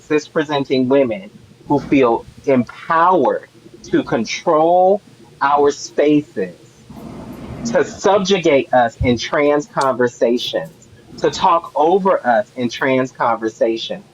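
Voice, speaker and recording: A man's voice: a little high, animated, slow. A man hosting a live stream, giving heated commentary with emphatic, repetitive build-ups. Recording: dull lo-fi stream audio with faint noise.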